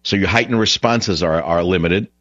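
Low-voiced blunt radio host, lo-fi. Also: male voice, moderate pace, a bit bright, no echo. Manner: blunt, opinionated, rambling with restarts. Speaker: radio talk show host. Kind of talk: talk radio monologue.

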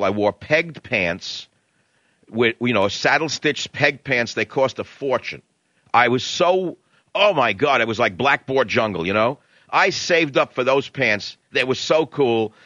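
A man's voice: medium pitch, animated, normal speed, sharp tone, dry recording, lo-fi sound. An older man with a New York accent, giving a blunt, rambling talk radio monologue. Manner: blunt, ranting, digressive.

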